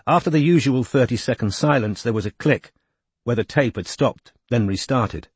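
A man narrating an audiobook in a measured, even reading. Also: medium pitch, breathy edge, dry recording. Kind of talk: scripted narration.

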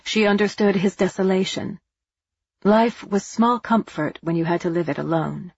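A woman reading a novel as an audiobook narrator, measured and expressive. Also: medium pitch, husky, no echo, highs cut off. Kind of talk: scripted narration.

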